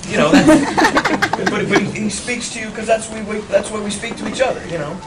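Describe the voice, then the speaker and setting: A man in casual storytelling, animated and laughing, cursing freely through his anecdotes. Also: high voice, brisk, heavy background noise. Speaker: actor guest. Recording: echoey venue, far mic, loud crowd.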